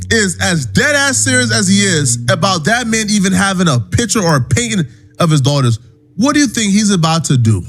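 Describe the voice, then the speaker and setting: Exasperated male commentator, high voice with lively ups and downs, faint music underneath. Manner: exasperated, questioning, repeats words. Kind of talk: commentary clip.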